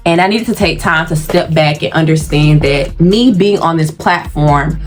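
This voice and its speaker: A woman's voice: deep voice, moderate pace, soft background music. A woman hosting her own video channel in a casual, dramatic monologue, outspoken and full of profanity. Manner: self-affirming, outspoken. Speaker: YouTube host.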